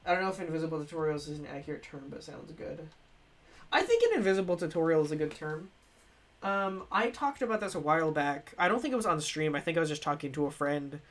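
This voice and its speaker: A game streamer chatting casually on a live stream, rambling and restarting often and sounding a little stuffy from a cold. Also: medium pitch. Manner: rambling and self-correcting, with frequent restarts and laughs. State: slightly stuffy, coming down with a cold. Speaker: streamer reviewing games.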